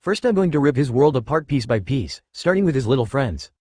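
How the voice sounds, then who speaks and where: A man's voice: mid-range voice, lively intonation, brisk, darkish tone, no room sound, studio quality, lightly acted. A man reading the lines of a smug, cruel young male villain in a menacing way.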